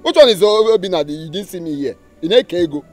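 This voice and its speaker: A man with a Nigerian accent playing a defensive, quick-tempered young man in a Nollywood film, stammering when angry. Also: sits high, animated, darkish tone, faint music behind.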